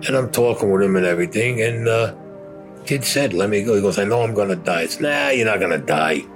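A man's voice: lowish voice, expressive, fairly quick, soft background music. An older man, a war veteran, recounting his combat memories in a blunt, profane storytelling way.

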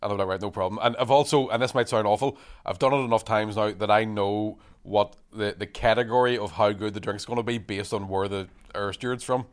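A man's voice: lowish voice, a little fast, few pauses. A young man telling a rambling travel story on a podcast, swearing and laughing often. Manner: swearing, laughing, animated anecdotes. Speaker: podcast host. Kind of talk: casual chat, storytelling.

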